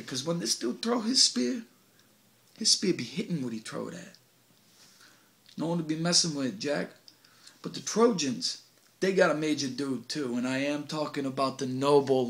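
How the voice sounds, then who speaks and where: A cocky teenage street kid, as a man acts him out, swaggering through a boastful, slangy tale. The voice sits a little high, with a gravelly edge. It is delivered as a dramatic stage monologue on a home video camera. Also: fairly bright tone, slight background noise. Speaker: actor in an audition monologue.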